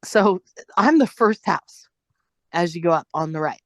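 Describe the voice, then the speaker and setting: A woman's voice: fairly low pitch, a little slow, no echo. Dry, close-up woman telling a story. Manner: animated, swears freely, laughs, stumbles over words. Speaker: podcast co-host. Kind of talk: casual storytelling.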